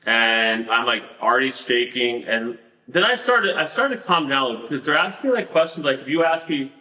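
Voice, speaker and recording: A man recounts his story as a podcast guest, rambling and stacking fillers as he goes. His voice is bright and forceful, and it rings a little in a roomy space. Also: mid-range voice, sing-song, normal speed. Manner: rambling, many "like" fillers, laughs at the absurdity. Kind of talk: storytelling in a casual interview.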